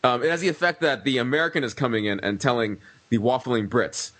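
A man's voice: medium pitch, expressive, fast, a bit bright, no echo. A man in a casual talk show, explaining a film plot at length with frequent restarts. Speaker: podcast guest reviewing a film. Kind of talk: casual discussion.

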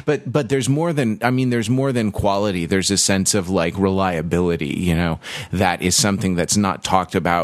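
A man with a low, deep voice muses through a casual conversation. He stops and restarts often as he works out his ideas. The sound is close and dry, with no room around it. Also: no echo. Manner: halting, thinks aloud with many restarts. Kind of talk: casual chat.

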